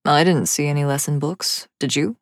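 A woman voicing a tall, affectionate father who speaks in a low, easy, gently amused way in a storybook reading. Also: steady tone, normal speed, dry recording, studio quality. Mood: fond.

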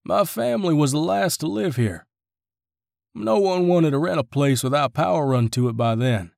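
A man voicing a middle-aged small-town constable who speaks in slow, veiled threats. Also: on the high side, lively intonation, gravelly, a little mellow, no room sound, studio quality. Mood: menacing.

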